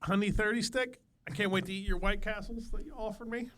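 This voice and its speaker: A young man co-hosting a comedy podcast, joking loudly with lots of laughter and swearing. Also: high voice, steady tone, fairly quick. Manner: loud, laughing, swearing banter. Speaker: podcast co-host. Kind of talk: casual comedy podcast chat.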